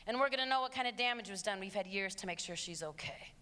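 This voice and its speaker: A woman's voice: medium pitch, lively intonation, fast talker, few pauses, pushed and bright. A woman giving an emphatic, preachy live talk to teenagers, mixing stories with direct challenges. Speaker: speaker addressing teens. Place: large hall with audience. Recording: long hall reverb, faint crowd.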